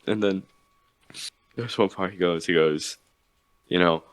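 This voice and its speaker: Deep-voiced young man rambling through a story. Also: fairly even intonation, unhurried, pauses often, no echo. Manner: rambling, filler-heavy retelling with acted quotes. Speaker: podcast host. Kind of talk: casual storytelling chat.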